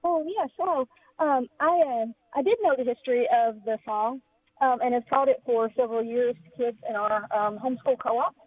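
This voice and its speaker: A woman's voice: a little high, moderate pace, no echo. A woman calling in to a radio show, explaining at length with many hesitant ums. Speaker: caller. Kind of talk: phone call to a radio show. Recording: tinny phone line.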